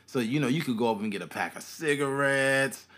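A man's voice: mid-range voice, a little fast. A young man, a podcast co-host, chatting casually and acting out the people in his stories. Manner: animated storyteller, acts out quotes. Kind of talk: casual chat.

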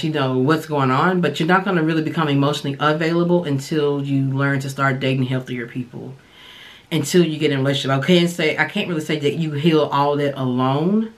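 A woman hosting a podcast, giving casual, candid dating advice and sharing her own experience in a relaxed, colloquial way. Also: deep voice, fairly quick. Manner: relaxed colloquial delivery with frequent fillers. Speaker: podcast host and dating coach.

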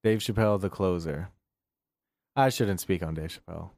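A man with a lowish voice talks loosely about films he's watched, rambling and swearing as he goes. The sound is close and dry, with no room around it. His talk is unhurried and full of fillers. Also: creaky, a little mellow, no echo. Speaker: podcast co-host. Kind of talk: casual chat about movies.

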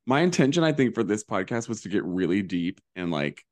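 A man co-hosting a casual pop-culture podcast, animated and campy, slipping into mock voices for jokes. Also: lowish voice, fairly quick. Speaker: podcast co-host. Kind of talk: casual chat.

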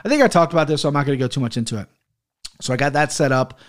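A man with a medium-pitched voice hosts his own podcast from a home studio office, talking very fast and animatedly. He rants heatedly and swears often into a studio mic mounted on an arm.

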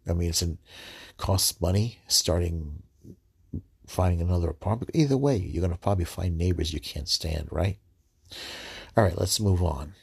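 A man, giving a halting, earnest devotional reflection and reading scripture aloud, often repeating and restarting words. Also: a little mellow, no echo. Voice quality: very deep, gravelly, husky voice. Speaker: preacher.

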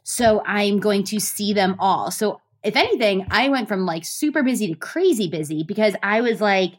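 A woman in her thirties, a guest telling her story in a lively, gushing way with many fillers. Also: medium pitch, moderate pace. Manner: animated, gushing, lots of fillers. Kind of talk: casual storytelling interview.

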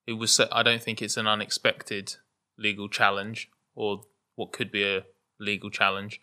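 A man with a low-ish voice and a very bright, sharp tone co-hosts a casual motorsport podcast. He thinks aloud, stopping and restarting often. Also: level tone, moderate pace. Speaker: podcast co-host.

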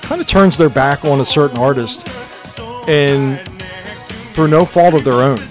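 A man of middle pitch co-hosts a podcast, chatting casually and spinning stories about old chart hits. He sometimes lets his voice trail off softly, and music plays steadily under his words. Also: a little slow. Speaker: podcast co-host. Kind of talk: casual chat about 1980s pop hits. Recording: music playing under the talk.

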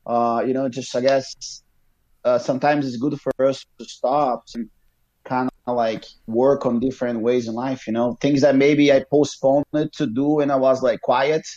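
Relaxed man on a call. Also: medium pitch, normal speed, lo-fi sound. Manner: relaxed, rambling, many fillers. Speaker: guest, jiu-jitsu athlete. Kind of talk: casual remote interview chat. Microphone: video call.

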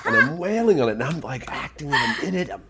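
A man telling a casual backstage story as an interview guest, animated, often restarting sentences and clearing his throat. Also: a little high, fast talker, heavy background noise. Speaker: stage actor and guitarist, interview guest.

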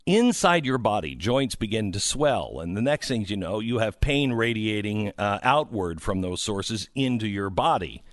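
A man's voice: fairly low pitch, sing-song, moderate pace, few pauses, no room sound, studio quality. A middle-aged man hosting a radio talk show, joking, reading ads and mimicking other people's voices. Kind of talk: casual radio talk and live ad reads. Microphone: studio microphone.

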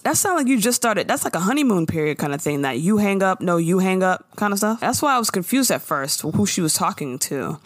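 A woman co-hosting a casual chat, recapping a TV episode with animated storytelling and acted-out lines. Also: mid-range voice, fast, few pauses, no echo. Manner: animated storytelling, acting out characters' lines with laughs. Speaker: podcast co-host recapping a TV episode.

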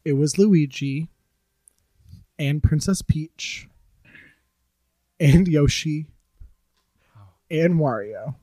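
A woman guest on a comedy podcast, telling an absurd improvised story with playful, theatrical deadpan. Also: sits low, very slow, pauses often, no room sound.

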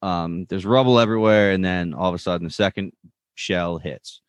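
Deep-voiced man recapping a show. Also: normal speed, smooth, no room sound. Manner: chatty retelling, acts out quoted lines. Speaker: podcast co-host. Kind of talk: casual chat recapping a TV episode.

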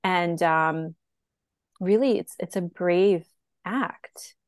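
A woman's voice: on the low side, drawn-out words, dry recording, studio quality. A woman co-hosting a podcast as a health coach, giving earnest advice in casual chat with frequent fillers.

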